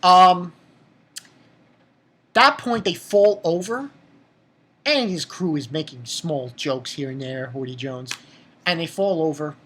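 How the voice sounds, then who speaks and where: Husky low-voiced woman recapping an episode. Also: slow pace, long pauses, a bit bright. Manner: rambling recap with many restarts and swearing. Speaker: anime episode reviewer. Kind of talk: casual spoken episode review.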